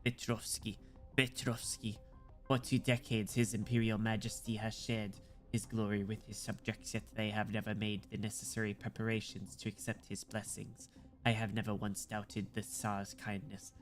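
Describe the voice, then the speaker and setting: A man's voice: fairly low pitch, little pitch movement, moderate pace, soft background music, pitched below the performer's own voice, close to an everyday voice. A man voicing a ragged, condemned man who gives a grand, solemn speech of prophecy. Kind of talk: dramatic reading of game dialogue.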